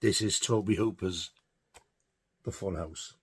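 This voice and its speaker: A man's voice: sits low, slow pace, slightly rough. A man giving a casual, rambling film review, hesitant with many fillers. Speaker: film collector reviewing horror films.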